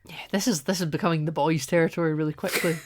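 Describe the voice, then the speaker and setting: A man's voice: a little high, fairly even intonation, fast. A man co-hosting a casual movie-review podcast, chatty and laughing often, acting out characters' lines as he talks. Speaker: podcast co-host.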